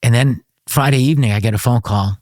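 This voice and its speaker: A man who served as a congressman, talking as an interview guest and telling an anecdote in an animated way, with frequent restarts and bursts of laughter. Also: mid-range voice, fast, no room sound, clean studio sound. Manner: speaks the language of his father's homeland. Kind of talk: storytelling in a conversational interview.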